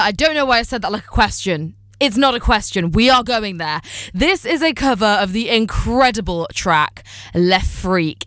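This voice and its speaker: A woman radio host talking to her listeners in a chatty, upbeat way, teasing herself as she goes. Her voice is smooth and clear, close on a studio mic with a dry, dead sound. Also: mid-range voice, a bit bright, no echo. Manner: chatty, upbeat, self-deprecating. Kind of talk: casual radio show hosting.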